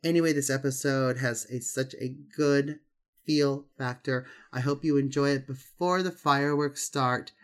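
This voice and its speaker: Posh british society lady reading her own letter, a guy doing the accent, genteel and a bit halting, stumbles here and there. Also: medium pitch, steady tone, clean tone, natural voice. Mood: earnest, genteel. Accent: put-on British. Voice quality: put-on posh accent, stumbling over words.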